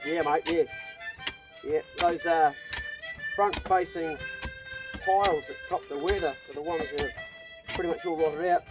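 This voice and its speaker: A man's voice: a little high, steady tone, moderate pace, pauses often, over music. A man hosting a casual, jokey vlog tour of a farmhouse build site outdoors. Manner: chatty, jokey, matey. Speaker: vlog host.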